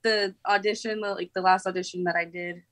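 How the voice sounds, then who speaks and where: A woman's voice: medium pitch, steady tone, fairly quick, a bit bright, dry recording. A young woman from Oklahoma in her late teens, a former contestant chatting casually in an interview, bubbly and giggly with lots of "like" fillers.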